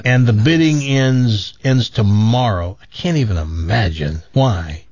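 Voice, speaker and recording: A man's voice: fairly low pitch, animated, measured pace, a little mellow, no echo. A man hosting a radio talk show, chatting casually and often repeating words as he thinks. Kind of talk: casual studio banter and joke-telling. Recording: slightly dull, dry studio sound.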